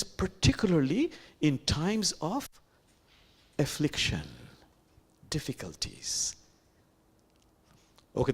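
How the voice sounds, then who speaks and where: Man leading a sermon, animated intonation, slow and pausing. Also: on the high side. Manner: reflective, slow with pauses, drops to whispers. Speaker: imam giving a sermon.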